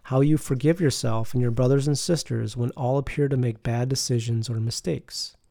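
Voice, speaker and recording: A man voicing a serene, patient male spiritual teacher who speaks slowly and tenderly, like preaching. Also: mid-range voice, fairly even intonation, gravelly, warm tone, no echo, studio quality, lightly acted.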